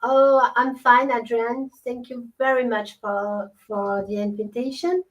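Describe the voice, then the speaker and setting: A woman from France speaks English with a clear French accent as a guest musician. She is friendly and polite, a little hesitant. Her voice is fairly high. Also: steady tone, unhurried, low-quality recording. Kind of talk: casual interview chat.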